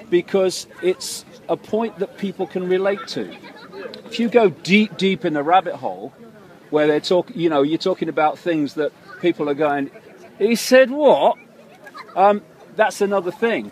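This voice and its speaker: A man's voice: on the high side, darkish tone. A man talking in an impassioned, emphatic way, with fillers and restarts, in an interview.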